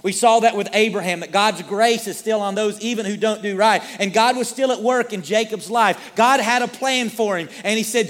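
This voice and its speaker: A man with a high voice preaches a sermon in a church sanctuary, telling the story with plenty of rhetorical questions thrown at his listeners. His voice rings out with a long reverb tail, as if filling a large hall. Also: normal speed, hardly any pauses, fairly bright tone. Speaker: pastor.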